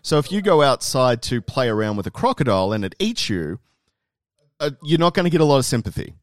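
Smooth-voiced Australian man, casual chat. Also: mid-range voice, big pitch swings, fast, no echo. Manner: rambling, searches for words. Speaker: podcast co-host, guest.

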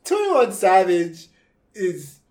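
A man co-hosting a music podcast in casual chat, animated and laughing, jumping high in pitch for emphasis. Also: slow. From born in Louisiana, raised in Virginia. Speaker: podcast co-host.

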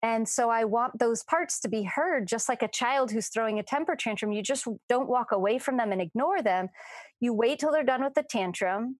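A woman's voice: fairly high pitch, dry recording. Woman coach, podcast chat; earnest, reflective, dry close sound. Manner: earnest, reflective, frequent restarts.

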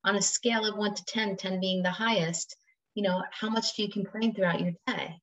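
A woman's voice: medium pitch, fairly even intonation, brisk, fairly bright tone, poor audio. A woman co-hosting a talk show, asking the listeners reflective questions. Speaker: podcast co-host.

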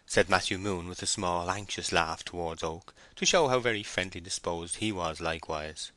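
Low, bright-toned male audiobook narrator. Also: moderate pace, few pauses, no echo. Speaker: audiobook reader. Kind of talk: scripted narration of a classic novel.

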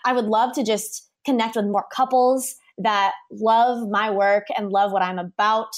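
A woman's voice: medium pitch, steady tone, unhurried. A young woman, a wedding photographer guest on a podcast, telling a story in a bubbly casual way, laughing often and saying "like" a lot.

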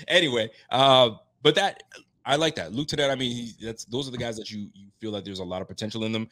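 A man hosting a casual sports podcast, animated and laughing, getting loud for emphasis. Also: mid-range voice, quick pace. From Haitian roots. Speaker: podcast host.

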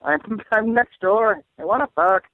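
A man voicing an eager, lecherous man from a hookup ad in a jokingly bad mix of Jamaican, Irish and Wisconsin accents. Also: lightly acted. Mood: leering. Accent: mock mix of Jamaican, Irish and Wisconsin. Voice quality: exaggerated, drawn-out and high. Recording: tinny phone-like line.

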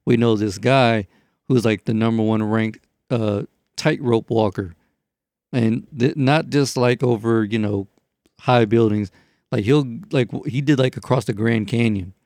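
A man's voice: medium pitch, measured pace, dry recording, studio quality. A man telling a story in casual chat, rambling and profane, with lots of fillers. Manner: rambling, profane, animated retelling with many fillers.

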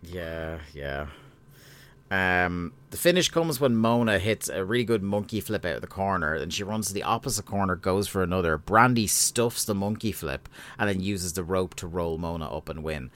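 A man co-hosting a casual podcast recap, sweary and sardonic, getting animated when he rants. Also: low voice, moderate pace. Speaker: podcast co-host.

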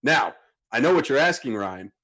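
A man's voice: mid-range voice, normal speed. A man hosting a podcast, telling a story in a casual way and acting out the people in it. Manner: animated, acts out the people in his story. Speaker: podcast host.

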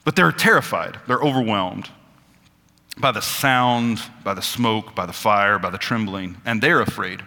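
Male pastor, bright forceful tone, chatty humor and slow emphatic scripture reading, long church reverb. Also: on the low side. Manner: conversational and joking, slowing down for emphatic scripture reading. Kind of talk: sermon. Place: church sanctuary.

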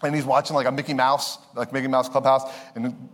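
A man's voice: mid-range voice, level tone, a bit bright. Young man preaching in a reverberant hall. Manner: conversational, storytelling with quick asides. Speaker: pastor. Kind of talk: sermon.

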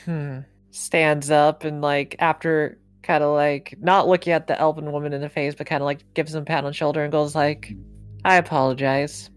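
A low-voiced woman describing her character's actions in a tabletop game. She talks casually and hesitantly, with lots of "like"s, over faint music. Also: level tone, brisk, few pauses, clean tone, no echo. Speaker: player.

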